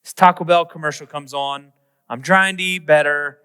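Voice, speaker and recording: A male pastor preaching a humorous, animated sermon, acting out little everyday scenes. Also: on the high side, normal speed, smooth, big-room sound.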